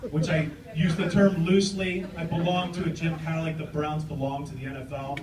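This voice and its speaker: A man in his forties doing a stand-up set on a club stage, brash, with loud punchlines and banter with the crowd. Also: a little high, flat delivery, fairly quick, far from the mic. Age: 40s. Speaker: stand-up comedian. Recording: roomy club with crowd laughter. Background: audience laughing.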